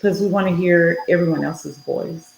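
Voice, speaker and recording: A woman's voice: fairly low pitch, normal speed, gravelly, darkish tone, slight background noise. A woman co-hosting a casual talk show over a video call from her home office, with an encouraging, affirming manner. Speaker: co-host. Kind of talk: casual chat. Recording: roomy echo.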